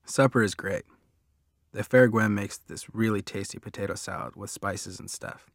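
Low-voiced man narrating an audiobook. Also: normal speed, creaky, no room sound, studio quality. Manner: conversational, wry, storytelling. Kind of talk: first-person audiobook narration.

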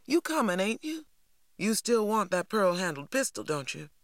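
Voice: medium pitch, sing-song, normal speed, fairly bright tone, no room sound, clean studio sound, pitched above the performer's own voice. A reader voicing a condescending young man who needles and pushes. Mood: pushy. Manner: needling, pushy.

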